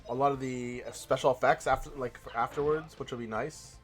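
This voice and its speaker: A man's voice: medium pitch, fairly even intonation, a little fast, faint music behind. A young man hosting a let's play, chatting in a rambling, casual way with frequent restarts. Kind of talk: casual gaming commentary.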